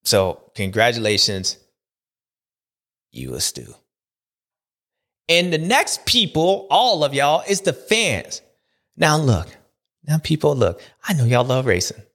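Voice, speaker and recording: A man's voice: medium pitch, wildly swooping pitch, takes it slowly, pauses often, fairly bright tone. A man hosting a casual, joking commentary, talking in slang and mimicking other people. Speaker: host.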